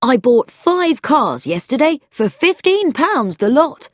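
Woman reader doing a breezy, chummy young chap's letter; lively, low, dry close recording. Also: slow, no room sound, exaggerated voice. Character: cheerful, feckless young male friend writing a letter.

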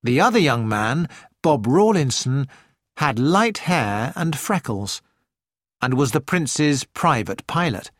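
A man reading an audiobook in a measured, deliberate storytelling manner. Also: mid-range voice, big pitch swings, a bit bright, no echo, studio quality. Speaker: audiobook narrator. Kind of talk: scripted narration.

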